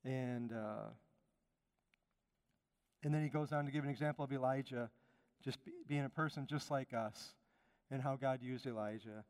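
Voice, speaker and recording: Emphatic pastor from Chicago, reverberant hall. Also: male voice, mid-range voice, normal speed, long pauses, darkish tone, clear, resonant tone. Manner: emphatic, repeats phrases, chuckles. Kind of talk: conversational sermon.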